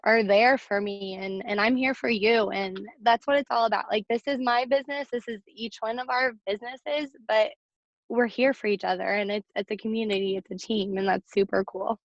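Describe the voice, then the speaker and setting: A woman talking on a video call from her car, earnest and emotional with halting restarts. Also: fairly high pitch, no room sound. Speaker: team member sharing on a call. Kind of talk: casual group video call. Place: parked car. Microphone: phone or laptop on a video call. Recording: dull dry call audio.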